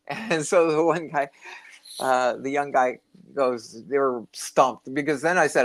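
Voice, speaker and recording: A man's voice: mid-range voice, slow pace. An older man, co-host of a spiritual talk show, telling rambling stories in casual chat and now and then losing his train of thought. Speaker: podcast co-host.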